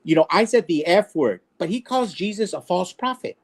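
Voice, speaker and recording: A man's voice: sits high, lively intonation, normal speed. A man co-hosting a casual online chat show, ranting in an indignant way. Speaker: co-host.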